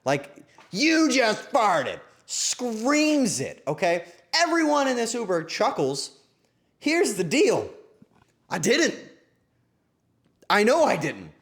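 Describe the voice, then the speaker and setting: A young man hosting a stream, telling a story to his chat in a casual, swearing, animated way. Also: high-pitched, slow pace, long pauses, breathy edge. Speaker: streamer host.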